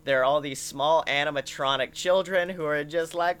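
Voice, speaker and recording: A comedian telling a rambling comic story, animated, full of "like" and swearing. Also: medium pitch, moderate pace, few pauses, clean tone. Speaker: podcast comedian.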